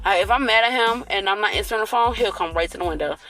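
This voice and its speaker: A woman in her late thirties telling a storytime rant to her viewers, blunt, profane and animated. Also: medium pitch, fast, faint music behind. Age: late 30s. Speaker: vlogger.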